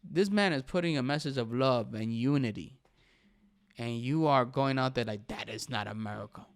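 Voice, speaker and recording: A man's voice: mid-range voice, normal speed, clear, resonant tone, no room sound. A young man hosting his own podcast, talking casually and emphatically and saying "bro" often. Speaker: podcast host. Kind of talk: casual solo podcast commentary.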